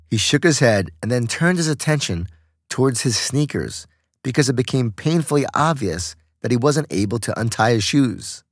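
A man with a medium-pitched voice reads an audiobook steadily and with measure. The recording is dry, clean, and studio-made.

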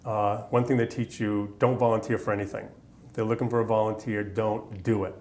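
A man's voice: fairly low pitch, flat delivery, brisk, darkish tone, a little hiss or hum. A man in his fifties from Massachusetts, telling his army memories in an oral history interview, rambling along with many fillers. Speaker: veteran interviewee.

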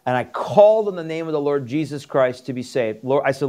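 Expressive and mellow, a mid-range male voice moves a little fast with hardly any pauses. The speaker, a middle-aged Iranian pastor interviewed as a guest, tells his conversion story, earnestly repeating points for emphasis.

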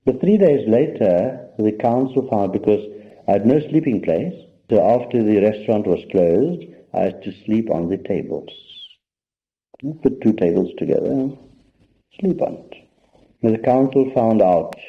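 Deep-voiced older man telling a story. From India. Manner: anecdotal, conversational, addresses listeners directly. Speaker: spiritual teacher. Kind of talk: storytelling talk to an audience. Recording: muffled lo-fi talk recording.

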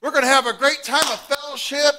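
A pastor voicing an impatient male Roman soldier who is pushy, loud and eager to go home. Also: very high-pitched, fairly even intonation, a little fast, background noise, pitched above the performer's own voice.

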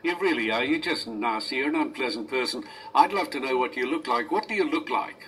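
A man in his eighties hosting talk radio, answering a hostile caller in a measured but indignant way. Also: medium pitch, lively intonation, a bit bright. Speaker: radio host. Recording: distant radio recording with faint noise.

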